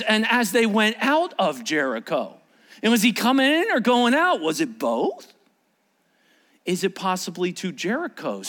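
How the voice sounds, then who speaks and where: A male pastor preaching a sermon, acting out the quotes he reads with loud shouts. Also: high-pitched. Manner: animated, acts out shouted quotes.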